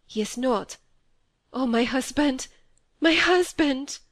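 A frail young widow in a storybook reading, soft and pleading in a raised, light voice, as a woman reader puts her on. The recording is dry and close. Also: on the high side, normal speed, no room sound, voice pushed up, natural voice. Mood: anguished. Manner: soft, pleading, breaking into grief.

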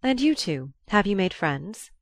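A woman reading the part of a proud, volatile young countess, shrill and imperious in an audiobook. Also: expressive, normal speed, dry recording, studio quality, lightly acted. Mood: brisk. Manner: imperious, abrupt.

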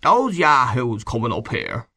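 A man's voice: medium pitch, wildly swooping pitch, a little slow, pushed and bright, slightly rough, no echo, studio quality, exaggerated voice. A man reading an audiobook and voicing a touchy, self-pitying middle-aged man who is easily offended. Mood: indignant. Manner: indignant, then coaxing and comical. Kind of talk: audiobook character voice.

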